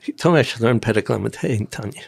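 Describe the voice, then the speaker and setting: An older man from Tennessee, a podcast guest, telling personal stories in a rambling, halting way with quiet asides. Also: mid-range voice, expressive, creaky, husky. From Nashville, Tennessee. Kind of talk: personal storytelling in an interview.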